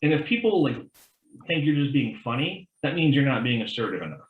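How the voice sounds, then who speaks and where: A man's voice: medium pitch, very animated, fairly quick, echoey room, phone-quality sound. A man co-hosting a podcast in casual chat, rambling with many restarts and acting out the people he quotes. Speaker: podcast co-host.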